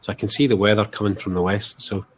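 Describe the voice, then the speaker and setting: A man, a guest in a casual chat, talking in a relaxed, modest way over a video call from his flat. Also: on the low side, fast. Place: flat at home.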